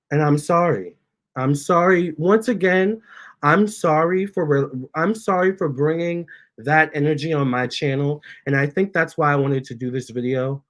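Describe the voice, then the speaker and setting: A man, a tarot reader, chatting casually on his livestream, reading viewer comments aloud and cooing at his cats. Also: on the high side. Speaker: tarot reader and channel host.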